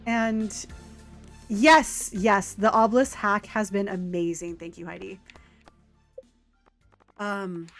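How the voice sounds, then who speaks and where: Her voice is mid-range and easy, with a steady tone, as this Canadian streamer plays a farming game and rambles through casual chat. She fills the gaps with filler words, side comments, and quick bursts of laughter over quiet game music.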